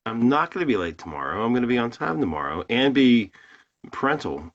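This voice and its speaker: A man's voice: medium pitch, sing-song. A man of grandparent age, a guest on a casual live chat, joking and making playful excuses. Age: older. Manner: playful, quick to joke and excuse himself. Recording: dull lo-fi call audio.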